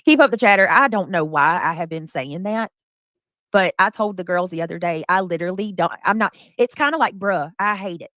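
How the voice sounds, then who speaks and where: A woman's voice: lowish voice, animated, a little fast, a bit bright, no room sound. A woman hosting a casual commentary chat, talking bluntly with lots of slang and swearing. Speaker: host.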